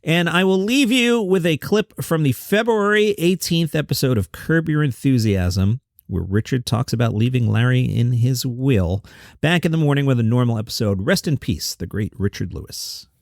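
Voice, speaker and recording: A man's voice: mid-range voice, lively intonation, normal speed, creaky, no room sound, studio quality. A man hosting a comedy news podcast, reading old press quotes aloud and adding wry, sarcastic asides.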